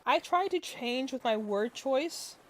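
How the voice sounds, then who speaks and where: A woman's voice: high-pitched, expressive, takes it slowly. A woman chatting casually while she crochets on a stream, rambling with lots of filler words and muttering stitch counts under her breath. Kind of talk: casual chat.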